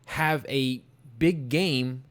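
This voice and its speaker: A man's voice: mid-range voice, very slow. A man co-hosting a casual gaming podcast, easygoing and agreeable, chatting loosely. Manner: easygoing, agreeable, fillers and restarts. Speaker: podcast co-host.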